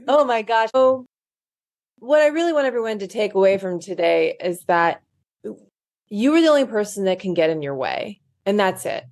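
A woman's voice: medium pitch, lively intonation, moderate pace. A woman co-hosting a podcast who speaks to listeners in a motivational, encouraging way during casual chat. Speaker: podcast co-host.

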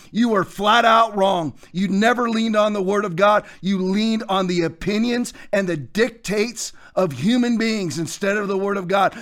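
High-voiced man preaching forcefully. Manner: forceful, hectoring, repeats phrases. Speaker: host. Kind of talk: preaching commentary.

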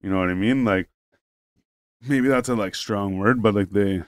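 A man with a low, smooth voice tells a story in casual chat, full of fillers and swearing. He drops into other people's voices to act out their lines. His voice is recorded close and dry. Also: moderate pace, no echo. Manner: rambling, heavy on fillers and swearing.

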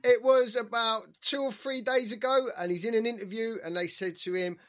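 A man's voice: very high voice, fairly even intonation, moderate pace, a bit bright. A man, a podcast co-host in casual sports chat, ranting heatedly and swearing a lot.

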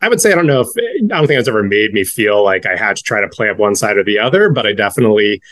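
A man in his thirties from the northeastern United States, a guest in a conversational interview, speaking in a reflective, measured way with many soft fillers. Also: lowish voice, lively intonation, no room sound.

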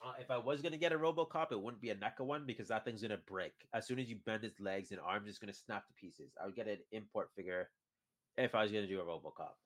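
A man's voice: lowish voice, fast talker, fairly bright tone. A man co-hosting a podcast in casual chat, rambling from point to point with chuckles in between. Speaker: podcast co-host.

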